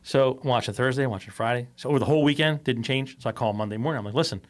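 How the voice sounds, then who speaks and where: A man's voice: medium pitch, rapid-fire. A man co-hosting a podcast, telling a story in casual chat, swearing freely, laughing along and acting out the people he quotes. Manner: animated, acts out quoted voices. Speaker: podcast co-host.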